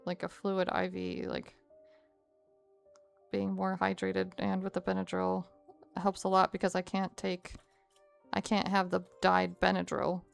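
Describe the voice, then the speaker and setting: A young woman streamer telling a story to her chat in a casual, animated way with frequent laughs. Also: fairly low pitch, a little slow, gravelly, pauses often, clean tone, soft background music.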